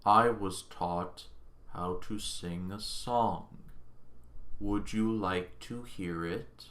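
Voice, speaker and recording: A man voicing a calm, polite male ship computer with a soft, low, deadpan monotone that turns coldly menacing. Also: extremely slow. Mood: fading slow.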